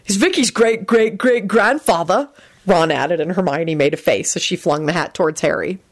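A woman's voice: deep voice, fairly even intonation, a little fast. A woman narrating a fan story aloud in an audiobook style.

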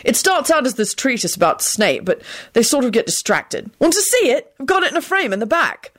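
A man's voice: very high voice, very animated, fairly quick, a bit bright, pitched above the performer's own voice, full character voice. A woman voicing a cheerful, smug adult male joke-shop owner in a fan-fiction reading. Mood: self-important.

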